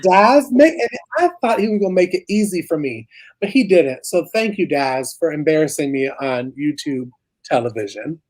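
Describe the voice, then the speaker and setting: A woman's voice: low voice, moderate pace, dark tone, low-quality recording. A young woman co-hosting a casual live chat, a chatty and self-mocking storyteller. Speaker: co-host of a ranch livestream.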